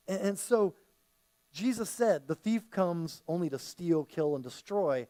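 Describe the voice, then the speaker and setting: A male pastor delivering a sermon in a church, his voice pitched high and swinging widely up and down. He talks in a loose, conversational way, repeating words as he builds a point and slipping into quoted voices. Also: a little slow. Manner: conversational, animated preaching with repetitions and quoted voices. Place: church sanctuary.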